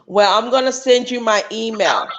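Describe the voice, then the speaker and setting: A woman's voice: a little high, moderate pace, muffled recording. A woman talking on a livestream call as a guest, emphatic and often restarting her sentences. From United States. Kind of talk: casual chat.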